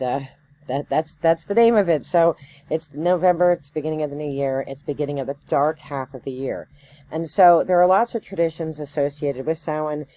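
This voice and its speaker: A woman's voice: very deep voice, warm tone, a little hiss or hum. A woman giving a casual educational talk to camera, conversational and loose, with many fillers, tag questions and self-corrections as she thinks aloud. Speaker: spiritual teacher.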